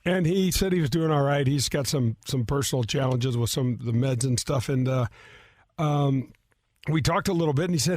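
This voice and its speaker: A man hosting a radio golf show from a studio, telling stories in a casual, animated way, laughing often and acting out what others said. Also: mid-range voice, normal speed, no echo. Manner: animated storyteller, laughs often, acts out quotes.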